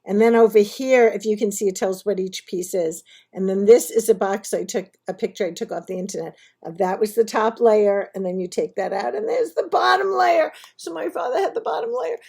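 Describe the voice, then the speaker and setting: A woman's voice: medium pitch, expressive, a little fast, creaky, darkish tone, husky. A woman talking to the camera in a casual video monologue, rambling and laughing at herself. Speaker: vlogger.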